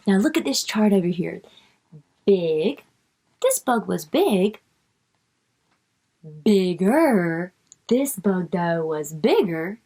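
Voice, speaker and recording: A woman's voice: mid-range voice, big pitch swings, takes it slowly, mellow, husky. A woman reading a picture book aloud to young children, stretching out the words she reads and coaxing the child with questions.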